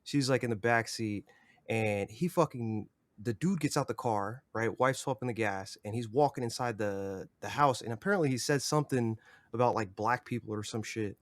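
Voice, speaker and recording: A young man tells a story on a podcast in a loose, rambling way. He swears constantly and fills his speech with "like" and "you know". His medium-pitched voice sounds dry and close. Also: normal speed, no room sound. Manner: profane, rambling, filler-heavy. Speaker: podcast guest. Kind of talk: casual storytelling.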